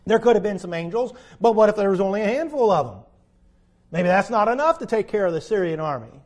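A middle-aged man preaching a sermon, telling folksy personal stories and rising into loud, emphatic preaching. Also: high voice, animated, quick pace.

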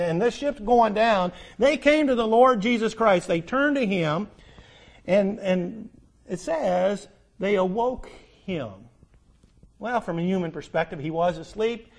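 A man preaching a sermon, swinging between loud urgent appeals and soft hushed asides, drawing out words for emphasis. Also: high-pitched.

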